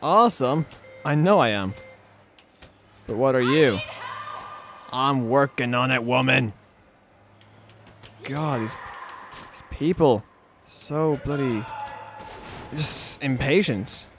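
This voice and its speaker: A young man giving let's play commentary on a game, excitable and rambling, often talking sarcastically to the characters on screen. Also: medium pitch, takes it slowly, long pauses, a little hiss or hum. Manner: rambling with frequent restarts. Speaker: gaming channel host.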